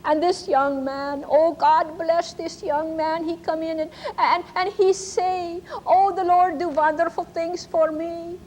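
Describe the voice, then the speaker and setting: A woman's voice: very high-pitched, fairly even intonation, measured pace, few pauses, a little mellow, long reverb tail, slight background noise, pitched above the performer's own voice. A woman voicing a tearful elderly German pensioner who speaks broken English with a German accent. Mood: tearful, grateful.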